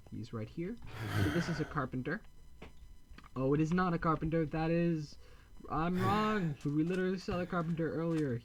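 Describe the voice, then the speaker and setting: A man giving casual gameplay commentary, rambling and correcting himself, with deadpan dark jokes. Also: mid-range voice, a little hiss or hum. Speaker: gameplay video host.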